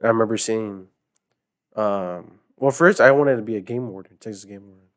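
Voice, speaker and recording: Young male podcast guest, lowish voice, rambling, filler-heavy storyteller, dry close sound. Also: normal speed, a bit bright, no room sound. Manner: rambling storyteller, many fillers, laughing often. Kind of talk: casual chat.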